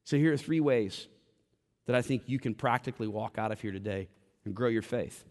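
A man's voice: medium pitch, fairly quick, a little mellow, in a large hall. A man preaching a sermon in a church, impassioned and direct, with a joking aside now and then. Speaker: pastor. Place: church sanctuary.

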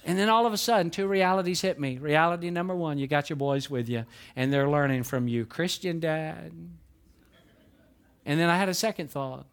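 A middle-aged male pastor preaching a sermon, telling a story with animated outbursts and dropping to hushed, earnest tones. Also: a little high, moderate pace, creaky, clear, resonant tone.

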